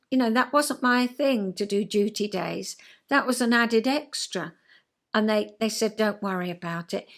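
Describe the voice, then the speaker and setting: An older woman, a former counsellor, telling a rambling, self-deprecating story in casual vlog chat. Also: on the high side. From England.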